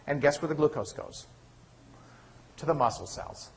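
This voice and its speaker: A man giving a university lecture, lively and asking the class questions he then answers himself. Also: a little high, normal speed, gravelly, a little hiss or hum. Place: lecture hall.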